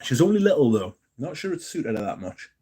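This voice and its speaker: A man's voice: medium pitch, very animated, brisk, warm tone, breathy edge. A man in his thirties hosting a livestream, rambling and swearing as he chats with viewers. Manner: rambling and profane, answers chat questions. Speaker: livestream host. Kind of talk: casual chat with viewers.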